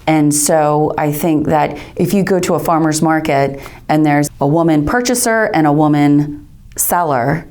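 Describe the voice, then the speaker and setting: A woman speaking in a documentary interview about women in farming, in a measured, explanatory way. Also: low-pitched, a little mellow.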